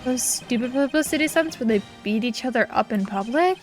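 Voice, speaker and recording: A woman's voice: fairly high pitch, lively intonation, brisk, soft background music, natural voice. A woman voicing a wry young male defense lawyer who mutters dry asides in her own voice.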